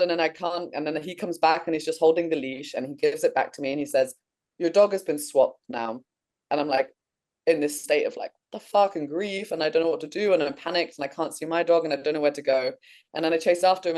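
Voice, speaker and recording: A woman from England, co-host of a podcast, casually telling a long dream in an animated way, with swearing and laughter. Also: low-pitched.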